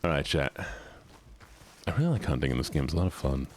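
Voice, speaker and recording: A man's voice: very deep voice, big pitch swings, quick pace, slight background noise. A man live-streaming a game, chatting casually with his viewers and swearing when startled. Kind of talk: casual live-stream chat while gaming.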